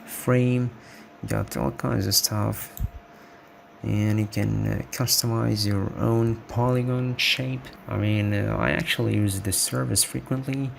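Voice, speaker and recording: A man giving an unhurried screencast coding tutorial, explaining step by step with frequent restarts. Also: lowish voice, fairly even intonation, creaky, slight background noise. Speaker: web development tutor.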